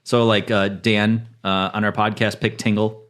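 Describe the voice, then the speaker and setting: A man's voice: on the low side, flat delivery, normal speed, fairly bright tone. Hesitant male podcast guest. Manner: hesitant, many fillers and restarts. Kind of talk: casual chat.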